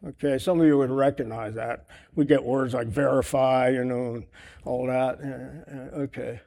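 A man's voice: mid-range voice, fairly even intonation, moderate pace, gravelly, mellow. A man preaching a sermon earnestly, asking his listeners question after question and teaching from a board. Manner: earnest, asks rhetorical questions; writes on a board while teaching.

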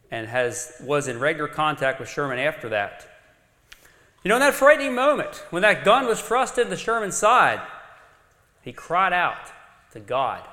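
A man preaching a sermon, telling a story with dramatic rises and sudden quiet drops. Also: on the high side. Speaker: pastor. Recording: long reverb of a large hall.

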